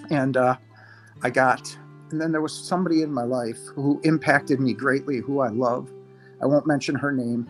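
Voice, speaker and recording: A man in his fifties, a podcast guest giving a halting, emotional personal testimony, his voice breaking at times. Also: mid-range voice, soft background music. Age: 50s.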